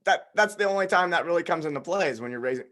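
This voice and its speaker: A man hosting a podcast in casual conversation, speaking with a slight drawl and halting restarts. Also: a little high, lively intonation, fairly bright tone. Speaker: podcast host.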